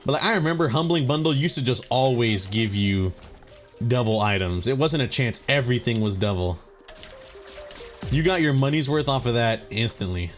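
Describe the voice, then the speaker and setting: He speaks at a normal speed in an expressive, mid-range voice, hosting a gaming let's play. The delivery is rambling and casually profane, thick with filler words, and mixes jokes with mock-serious swagger. Faint game music can be heard.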